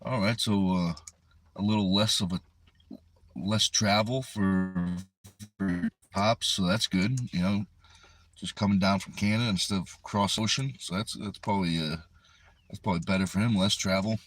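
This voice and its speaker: A laid-back, low-pitched streamer sits in his parked car, reading the chat aloud and answering comments in an easygoing, chatty style. His intonation is fairly even and his pace moderate. The microphone is a phone resting on the steering wheel.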